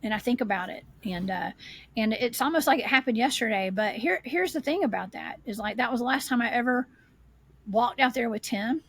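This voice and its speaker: A woman, a paranormal investigator, telling her story as a guest in a casual podcast chat, animated and rambling. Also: fairly high pitch, fairly quick, husky, no echo.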